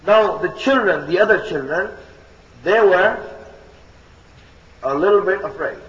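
High, bright male preacher; emphatic, repetitive sermon delivery in an echoing hall. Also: animated, unhurried. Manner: emphatic, repeats key phrases; addresses listeners as brothers and sisters. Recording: echoey hall, dull lo-fi sound.

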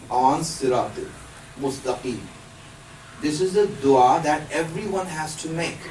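A man's voice: a little high, slight background noise. A man giving a religious lesson to a live group, explaining patiently and quizzing his listeners with questions. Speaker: religious teacher. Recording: echoey room, distant mic.

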